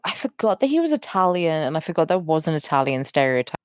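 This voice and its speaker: A woman's voice: sits low, very animated, fast, a little mellow, a little hiss or hum. A young woman co-hosting a podcast in casual, sarcastic chat, swearing freely. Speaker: podcast co-host.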